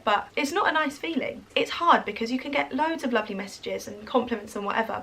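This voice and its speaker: A woman with an English accent that drifts toward American, talking casually and quickly to camera as an influencer, with lots of "like" and "um". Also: a little high, a bit bright. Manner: fast, chatty, full of "like" and "um". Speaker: social media influencer.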